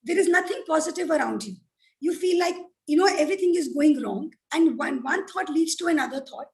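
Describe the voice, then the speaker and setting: A woman's voice: high voice, animated, a little fast, darkish tone, low-quality recording. A woman speaking as a mental health expert, explaining in an earnest way with frequent fillers. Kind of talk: explanatory panel talk.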